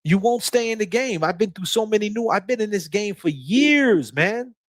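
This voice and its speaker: A man's voice: high-pitched, animated, moderate pace, dry recording. A man hosting a livestream in casual talk. He is emphatic and profane, preaching and repeating his phrases for force. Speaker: livestream host.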